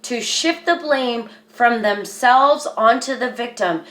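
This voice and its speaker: A woman's voice: on the high side, slow, fairly bright tone. A woman telling a personal story to camera in a rambling, earnest way, with lots of "like.". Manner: rambling, earnest, says "like" a lot. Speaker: vlogger. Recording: echoey room.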